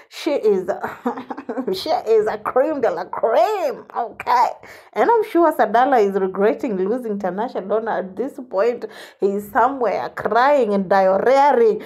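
A woman's voice: on the high side, a little mellow. A woman hosting a celebrity gossip vlog, sassy and teasing, often saying honey.

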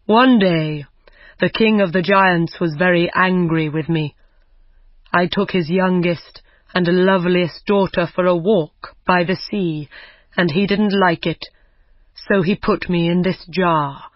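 A threatening giant, read aloud by a storyteller in a learners' audiobook. He speaks slowly and loudly, with middling pitch. The sound is dry and dull, like a lo-fi recording. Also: steady tone, no room sound, natural voice. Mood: recounting. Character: angry male giant freed from a jar. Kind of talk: simple audiobook reading for learners.

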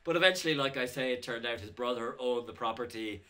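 A man with a bright, forward voice chats casually on his filmmaking vlog. He wanders through rambling anecdotes, chuckling often and leaning on plenty of "uh"s and restarts. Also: mid-range voice, quick pace. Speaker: indie filmmaker.

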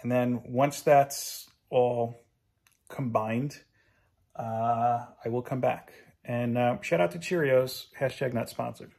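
A man's voice: mid-range voice, fairly even intonation, slow pace, gravelly, a little mellow. A man hosting a casual home cooking vlog from his kitchen, filming by hand and joking at his own expense as he goes. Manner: jokey, self-deprecating, chatty with asides. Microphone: handheld phone camera.

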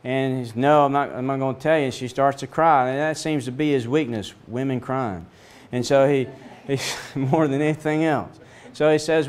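A middle-aged man teaching a Bible lesson in a lively storytelling way, acting out the voices of the people in the story. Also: moderate pace. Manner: storytelling, acts out voices with big pitch swings.

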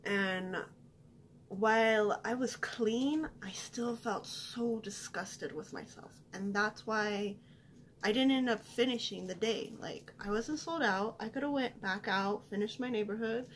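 A woman's voice: fairly high pitch, unhurried, a little hiss or hum. A young woman vlogger telling a personal story in casual chat, chatty and self-deprecating with lots of fillers.

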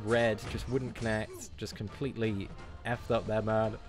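A British man doing live, chatty commentary on his own gameplay during a stream. He is excitable and swears mildly. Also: on the low side, a little slow, over music. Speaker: game streamer.

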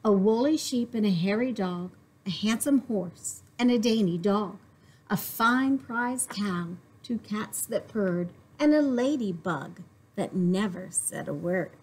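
A woman librarian reading a picture book aloud to young children, slow and clear. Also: medium pitch, lively intonation, a little mellow. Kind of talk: storytime read-aloud.

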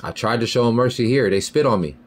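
A man hosting a podcast, delivering a heated, profane monologue that swings between loud high outbursts and low muttered lines. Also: fast. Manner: heated, profane, repeats "you feel me" and "bro". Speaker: podcast host.

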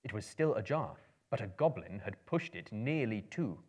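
A man giving a theatrical storybook reading to a live audience, swelling and hushing for suspense. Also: fairly low pitch, sing-song, moderate pace. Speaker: performer of dramatic readings. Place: live performance venue.

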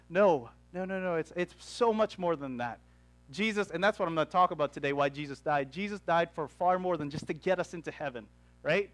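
Young male pastor, high voice, lively storyteller, dry close sound. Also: no echo. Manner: animated storytelling with quick asides. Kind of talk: sermon. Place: church.

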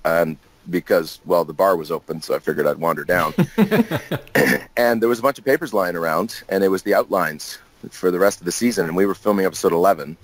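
A man's voice: deep voice, brisk, a little hiss or hum, rough recording. A man being interviewed as a guest actor, telling loose, jokey stories in casual chat with plenty of laughs and restarts.

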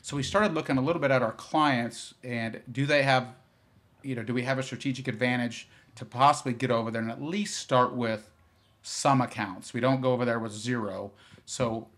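Rambling business founder, man. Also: medium pitch. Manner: relaxed, rambling with many fillers and restarts. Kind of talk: podcast interview.

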